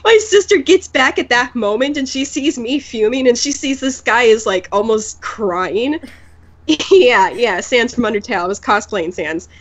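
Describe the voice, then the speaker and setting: Lively young woman telling a story. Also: fairly high pitch, normal speed. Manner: animated, mimics voices in anecdotes. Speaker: podcast guest. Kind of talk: casual storytelling.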